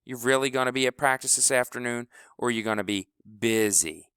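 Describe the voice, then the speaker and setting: A man's voice: medium pitch, a little fast, a bit bright, clear, resonant tone, no room sound, clean studio sound, natural voice. A man reading a story aloud, voicing a pushy, talkative boy who pesters and insists. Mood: pestering.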